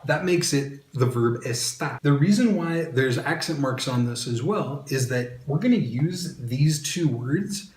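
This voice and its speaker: A man's voice: medium pitch, expressive, measured pace, few pauses, a little mellow. A man teaching a video lesson, with an upbeat manner and joking asides to the viewer. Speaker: Spanish teacher. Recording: roomy echo.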